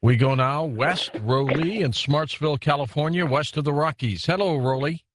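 A man's voice: on the high side, normal speed, noisy background. A man hosting a call-in radio show, taking callers and asking short, plain questions. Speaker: radio host.

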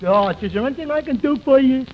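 Dopey dim-witted sidekick. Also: male voice, very high-pitched. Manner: dopey, slow-witted, deadpan. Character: dim-witted slow male tavern sidekick. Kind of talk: 1940s radio comedy acting. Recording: lo-fi old radio recording with loud hiss and clicks.

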